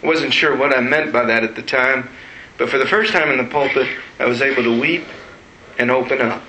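A man's voice: mid-range voice, fairly quick, pushed and bright, a little hiss or hum. A man, a pastor, telling a personal story in a sermon. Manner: storytelling with emotional retelling. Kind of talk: sermon testimony. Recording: roomy echo.

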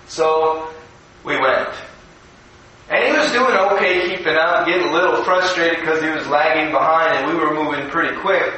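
High, bright-voiced man preaching in an echoey room. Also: moderate pace, far from the mic, lo-fi sound. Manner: storytelling, conversational, acts out quotes. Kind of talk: recorded devotional sermon.

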